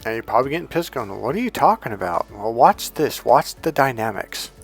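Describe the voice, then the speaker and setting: Male dating coach, middle pitch, off-the-cuff monologue, rambling, swears a lot, faint music behind. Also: sing-song, brisk, breathy edge. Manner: rambling, profane, mimics grunts and crying babies.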